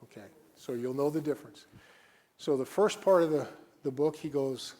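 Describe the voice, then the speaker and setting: A man preaching a sermon as guest preacher, swinging between loud emphasis and quiet asides. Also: mid-range voice, moderate pace.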